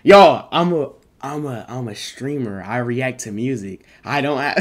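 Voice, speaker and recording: A young man streaming live, reacting in a casual, rambling way, protesting over and over with excitable energy. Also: mid-range voice, a little slow, few pauses.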